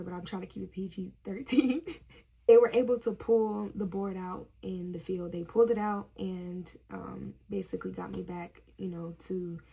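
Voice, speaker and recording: Gravelly, husky young woman telling a story. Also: medium pitch, mellow. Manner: chatty storytelling, laughs often, fills with "like". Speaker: vlogger, nursing student. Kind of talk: casual story-time chat.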